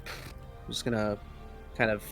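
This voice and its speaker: A man's voice: fairly low pitch, level tone, measured pace, creaky, a bit bright, faint music behind. A man playing a tabletop game in a casual style, describing his actions with fillers and laughing easily. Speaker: player.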